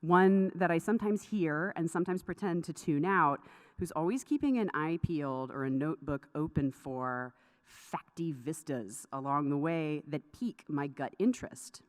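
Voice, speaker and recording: A woman delivers a conference lecture in a low voice. She talks in a chatty way, breaking off into asides and laughing at herself. Her voice carries through a hall with a long reverb. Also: normal speed.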